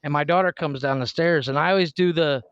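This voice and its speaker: A man's voice: a little high, quick pace, a bit bright, no room sound, lo-fi sound. A man co-hosting a podcast in casual chat, telling stories animatedly and laughing often on a close mic. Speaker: podcast co-host.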